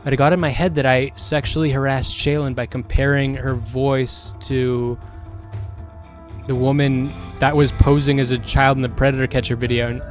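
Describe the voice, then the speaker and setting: Speaking at normal speed with a flat delivery and medium pitch, a man streams and reads out chat comments while rambling and second-guessing himself, restarting again and again. Later he becomes louder and more heated, and faint music sits in the background.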